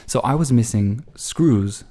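Speaking slowly in a medium-pitched voice, a man tells the camera a long, casual story. It's a rambling, profane monologue packed with restarts, delivered as an animated retelling with an exasperated edge.

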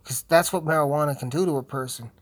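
A young man who is high, rambling through casual commentary while swearing and joking constantly. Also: quick pace, no room sound. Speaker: video host.

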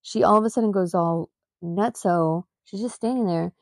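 Woman, mother hosting a podcast, casual rambling storytelling, emphatic, mellow dark tone, dry sound. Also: mid-range voice, normal speed, no echo. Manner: rambling, with many fillers and restarts.

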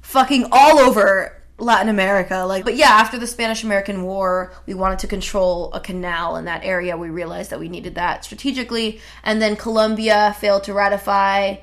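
A woman's voice: medium pitch, steady tone, a little fast, few pauses. A young adult woman co-hosting a casual political chat, speaking in a wry, sarcastic way and filling her sentences with "like". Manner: filler-heavy, lots of "like", wry and sarcastic. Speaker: podcast co-host.

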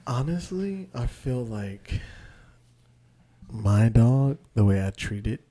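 A man's voice: mid-range voice, sing-song, takes it slowly, warm tone, husky. A man co-hosting a podcast in casual, crude, joking chat. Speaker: podcast co-host.

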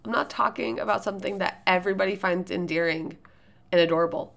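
A loud-voiced woman hosting a podcast, giving writing tips in casual, rambling solo talk with plenty of fillers and restarts. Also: mid-range voice, fast talker, vocal fry.

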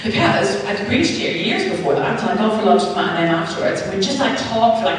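A woman's voice: mid-range voice, lively intonation, fairly quick, slight background noise. A woman giving a chatty personal testimony as a preacher, telling her story and acting out the voices of others. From Northern Ireland. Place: church hall. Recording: echoey hall, mic far off.

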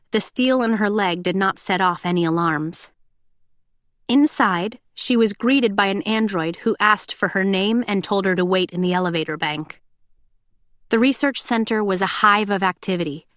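A woman narrating a science-fiction audiobook in a steady, descriptive reading style. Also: mid-range voice, no room sound, clean studio sound. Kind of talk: scripted narration.

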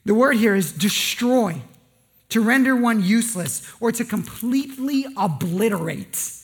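A male pastor preaching a conversational sermon with joking asides and quick rhetorical questions. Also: high-pitched, lively intonation.

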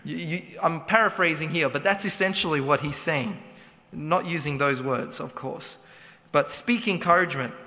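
A man's voice: fairly high pitch, moderate pace, pushed and bright. A man preaching a Bible teaching sermon, retelling the story conversationally, paraphrasing and asking rhetorical questions. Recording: long hall reverb.

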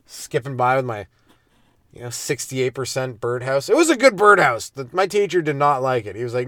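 A man's voice: mid-range voice, big pitch swings, a little fast, pushed and bright, no room sound. Rambling sarcastic young man, dry close sound. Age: young adult. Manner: rambling, sarcastic, self-mocking, swears freely. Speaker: comedy podcast host. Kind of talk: solo comedic rant. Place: parked car.

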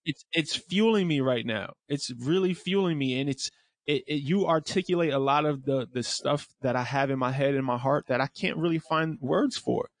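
A man's voice: on the high side, normal speed, dry recording. A male podcast host talks effusively and gratefully. He stumbles through repeated words and restarts and calls people bro. The sound is dry and close. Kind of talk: casual podcast talk.

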